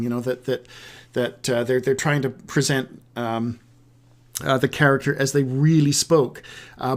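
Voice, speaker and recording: A man giving a recorded video lesson on writing, explaining conversationally with rhetorical questions and examples, often restarting and repeating words mid-sentence. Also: on the high side. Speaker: writing teacher.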